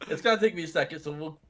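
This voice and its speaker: A man's voice: sits high, fairly bright tone, slight background noise. A man in a casual stream chat, hesitant and repeating his words. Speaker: player.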